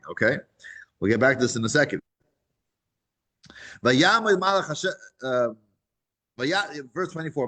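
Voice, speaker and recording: Man, scripture teacher, storytelling, lively voice, slightly high. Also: normal speed, pauses often. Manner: animated storyteller, acts out quoted voices. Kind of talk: Torah class teaching.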